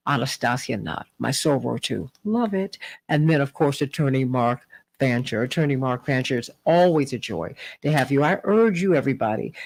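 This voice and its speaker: A woman's voice: deep voice, gravelly, darkish tone. A woman hosting a talk radio show, introducing guests with enthusiasm and repeating her key points for emphasis.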